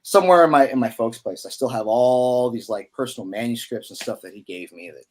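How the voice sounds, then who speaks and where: A man's voice: mid-range voice, fairly quick. A man in his thirties from Pennsylvania, a musician guest telling stories in a loose, chatty way full of fillers and slang. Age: 30s. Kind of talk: casual storytelling.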